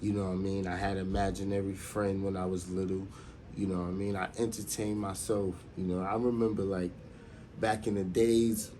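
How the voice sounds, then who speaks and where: Low, mellow-voiced man rambling casually. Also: little pitch movement, normal speed, a little hiss or hum. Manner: rambling, loose, constantly says "you know what I mean". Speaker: host. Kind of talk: casual storytelling monologue.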